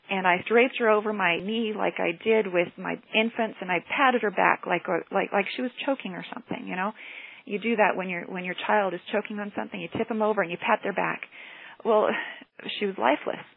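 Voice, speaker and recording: A woman's voice: mid-range voice, steady tone, creaky, breathy edge, no echo. Earnest woman on a tinny phone line. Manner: earnest, halting, repeats words. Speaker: mother telling her story. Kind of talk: personal testimony.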